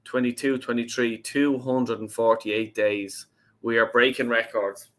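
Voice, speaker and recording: A young Irish man hosts a fan call-in live stream, chatting casually, reading chat messages aloud and swearing freely. His medium-pitched voice is level, unhurried and a little bright.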